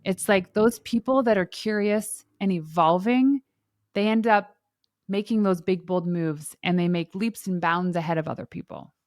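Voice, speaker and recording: A woman hosting a podcast interview in a casual, animated way, laughing easily and using lots of fillers. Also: medium pitch, moderate pace, no room sound, studio quality. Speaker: podcast host.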